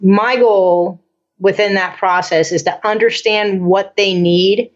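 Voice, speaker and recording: A woman's voice: medium pitch, fairly even intonation, takes it slowly, dull audio. A woman guest chatting in a bubbly way on a podcast and laughing at herself. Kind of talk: casual interview chat.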